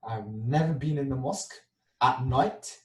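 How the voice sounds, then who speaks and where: Animated young man, distant roomy mic. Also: mid-range voice, measured pace. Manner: animated, acts out scenes, tags lines with "yeah?". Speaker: podcast co-host. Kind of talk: casual storytelling.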